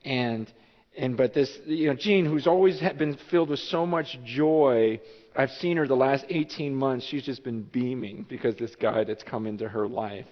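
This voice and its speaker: A man preaching a sermon as pastor, telling a story in an animated, emotional way. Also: mid-range voice, normal speed. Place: church sanctuary. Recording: dull echoey church hall.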